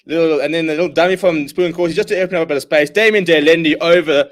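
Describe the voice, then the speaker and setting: A young man hosting a live watchalong, calling the play and reading out viewer comments, and he bursts out loud at big moments. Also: a little high. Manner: excitable, shouts at big plays, reads viewer comments. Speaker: host.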